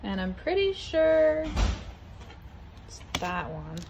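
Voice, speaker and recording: A woman's voice: medium pitch, very animated, slow pace, vocal fry, a little mellow, muffled recording. A woman vlogging casually at an outdoor wildlife park, chatting and talking sing-song to the animals. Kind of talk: casual vlog chat. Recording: outdoor ambience with animal noise.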